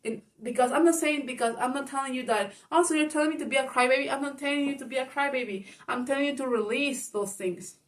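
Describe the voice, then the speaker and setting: A woman with a fairly high voice, recorded on a distant mic, gives casual advice to her viewers. This advice vlogger is frank and chatty, laughs a lot, swears, and calls the listener baby.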